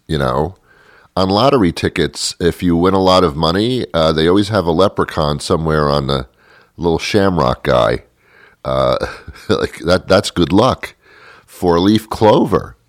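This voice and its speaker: Deep-voiced man rambling a comic monologue. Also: no echo. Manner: dry, self-mocking, chuckling asides. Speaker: radio-style comedy show host.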